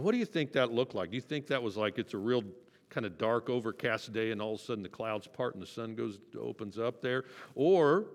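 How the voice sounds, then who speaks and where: Man preaching in a reverberant hall. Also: medium pitch. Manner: conversational teaching with rhetorical questions. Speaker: pastor. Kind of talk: sermon. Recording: long reverb of a large hall.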